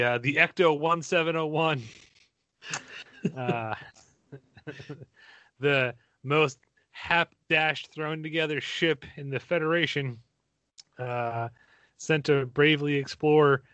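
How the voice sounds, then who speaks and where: A man's voice: fairly high pitch, steady tone, slow pace, long pauses, a bit bright, dry recording, highs cut off. A man hosting a casual podcast, rambling through his intro with laughs and self-mocking asides. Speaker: podcast host. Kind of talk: casual chat.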